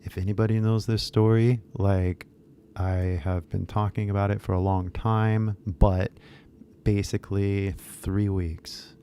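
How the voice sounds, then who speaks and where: Male stream host, low, dark voice, casual and rambling, filler-heavy chat from home. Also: flat delivery, a little slow, a little hiss or hum. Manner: rambling and loose, many fillers, drops in Japanese words. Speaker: English teacher and live-stream host.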